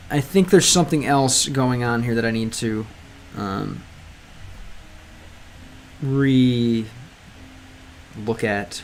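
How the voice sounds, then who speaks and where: A man with a medium-pitched voice hosts a casual game livestream while learning Spanish, with a little hiss or hum in the background. He translates the lines aloud and replies to chat, rambling hesitantly with frequent ums and restarts.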